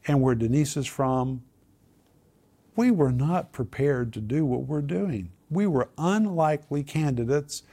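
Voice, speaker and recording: Older man, Bible teacher, emphatic, dark tone, husky. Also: mid-range voice. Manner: emphatic, repeats key words for stress.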